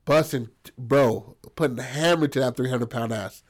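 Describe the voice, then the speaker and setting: A man spins an improvised, raunchy comic tale in a mid-pitched voice, rambling and profane. He keeps checking in with his listener with "bro" and "right?". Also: normal speed. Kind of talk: crude improvised comic storytelling.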